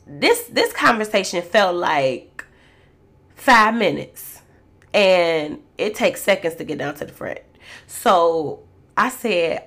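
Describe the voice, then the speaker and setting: Low gravelly woman sharing testimony. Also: lively intonation, a little slow, fairly bright tone. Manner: emotional, preacherly storytelling addressing listeners as y'all. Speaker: podcast host. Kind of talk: personal testimony.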